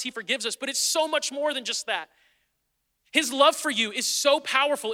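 High bright-voiced male pastor preaching. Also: long reverb tail. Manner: earnest, conversational preaching with repeated phrases. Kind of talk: sermon. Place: church sanctuary.

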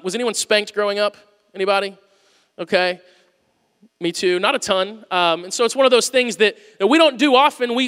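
A man preaching a conversational sermon, going from loud emphasis to quiet asides. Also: high voice, clear, resonant tone. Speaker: pastor. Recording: long hall reverb.

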